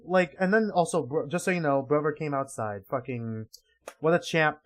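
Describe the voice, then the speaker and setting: A man's voice: a little high, normal speed. A man livestreaming casual reaction commentary, rambling and swearing heavily in an exasperated way.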